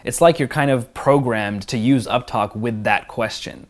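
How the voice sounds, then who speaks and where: A man's voice: medium pitch, moderate pace. A man who is a pickup coach, teasing women in street demos and explaining his technique in a commanding voice-over with downward inflection.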